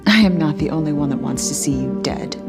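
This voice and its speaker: An actress playing a cold, threatening witch in a drama, speaking in slow, deliberate threats over a music score. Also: sits low. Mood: menacing. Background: film score music.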